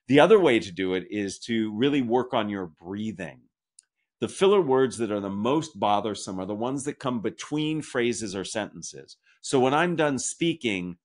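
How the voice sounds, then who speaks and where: A middle-aged man answering as a podcast guest, methodical and explanatory, who sums up his points at the end. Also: fairly low pitch. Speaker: communication author and guest.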